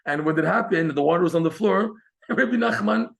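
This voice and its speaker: Animated male Torah teacher telling stories. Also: fairly quick, gravelly. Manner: animated, acts out quoted dialogue with raised pitch. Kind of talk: storytelling lecture.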